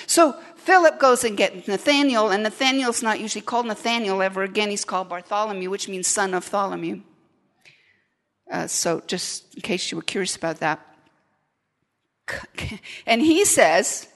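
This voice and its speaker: A woman's voice: medium pitch, normal speed, a bit bright. A woman preaching a conversational sermon, joking and asking the congregation questions. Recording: long reverb of a large hall.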